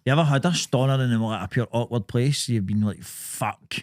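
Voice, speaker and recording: Scottish lad chatting on a podcast, sweary and chill, mid pitch, dry sound. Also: male voice, fast, darkish tone, dry recording. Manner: sweary, laid-back banter. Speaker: podcast co-host. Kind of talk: casual chat.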